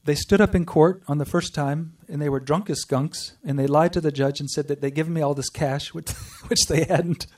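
Man, earnest testimony speaker, mellow tone, distant mic. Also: fairly high pitch, fairly even intonation. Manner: earnest storytelling with pauses and restarts. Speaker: speaker sharing a personal spiritual story. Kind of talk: personal testimony to a group.

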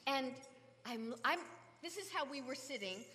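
A woman with a high, bright voice tells a story with lively, acted-out energy. Her voice carries a long hall reverb over a faint noise floor. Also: a little slow. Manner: lively, acts out the scene, laughs. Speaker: devotional musician telling a story. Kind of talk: animated storytelling to an audience.

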